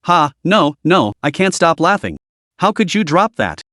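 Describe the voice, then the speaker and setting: A brisk, scolding young woman who nags her friend to hurry, read out by the male narrator. Her lines come a bit high and lively, dry and close to the mic. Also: no echo, full character voice. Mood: bossy.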